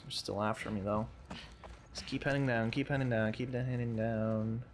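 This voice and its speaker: A man's voice: medium pitch, brisk, slight background noise. A man commentating a game as he plays, swearing and exasperated, taunting the enemies on screen. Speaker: let's play gamer. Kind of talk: casual gameplay commentary.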